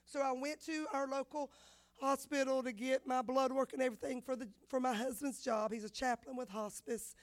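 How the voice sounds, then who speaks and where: Woman pastor in her fifties, high bright voice, lively sermon storyteller. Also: normal speed. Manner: animated storyteller, acts out dialogue. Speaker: women's pastor.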